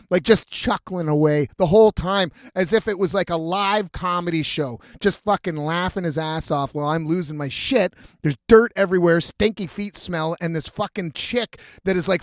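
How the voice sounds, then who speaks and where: A man's voice: high voice, moderate pace, few pauses, no echo, studio quality. A man hosting a podcast, telling a story in a profane, exasperated rant. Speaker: podcast host. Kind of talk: comedic storytelling.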